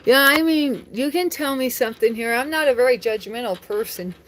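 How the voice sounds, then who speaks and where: A woman's voice: fairly high pitch, a little fast, background noise. A woman chatting casually on a live stream from home, talking straight to viewers and laughing often.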